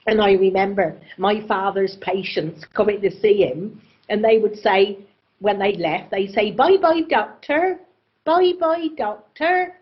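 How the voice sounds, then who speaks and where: A woman from England with an English accent, talking in an expressive, theatrical way. Her pitch sits in an ordinary middle range and moves freely. The recording is a little dull and muffled. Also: a little slow. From England, born in Oxford. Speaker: actress, festival guest. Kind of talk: conversational interview.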